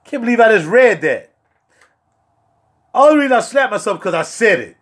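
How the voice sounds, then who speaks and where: A man who reviews fragrances hosts a casual livestream, joking in slangy street talk with playful outbursts. His voice sits high with big pitch swings, a fairly bright tone, and normal speed.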